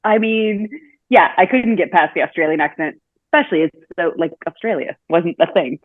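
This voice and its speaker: A woman's voice: lowish voice, fairly quick, dry recording. Woman on a tinny remote call line. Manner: hesitant, many fillers and restarts. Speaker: podcast guest. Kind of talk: casual podcast chat.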